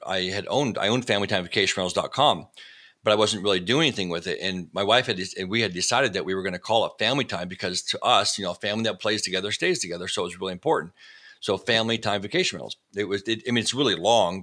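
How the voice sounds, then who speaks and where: Energetic man telling a story. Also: deep voice, fast talker. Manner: animated, acts out quoted dialogue. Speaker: vacation rental company owner, guest. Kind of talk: storytelling in a casual interview. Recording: remote video call.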